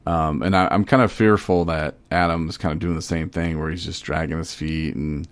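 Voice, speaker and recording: A man's voice: a bass voice, fairly even intonation, normal speed, smooth, dry recording. A man hosting a podcast, telling stories in a rambling, laid-back, casual way. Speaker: podcast host.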